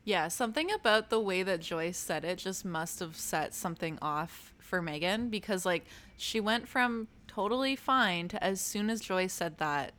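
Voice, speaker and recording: Lively woman in casual chat. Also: mid-range voice, normal speed, hardly any pauses. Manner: chatty, many fillers, lively delivery. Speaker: podcast co-host.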